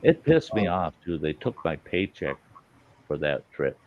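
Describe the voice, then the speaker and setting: A man's voice: low-pitched, big pitch swings, a little slow, darkish tone, a little hiss or hum. A man hosting a late-night livestream, chatting casually and swearing while he tells a long joke with put-on voices. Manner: profane, storytelling with put-on voices. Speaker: livestream host. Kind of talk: casual chat and joke telling. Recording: lo-fi muffled stream audio.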